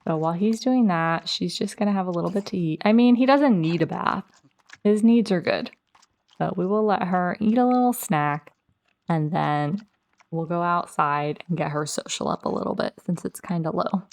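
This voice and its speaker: A woman's voice: lowish voice, moderate pace, a little mellow. A woman hosting a casual let's play, chatting through her gameplay and talking straight to her game characters.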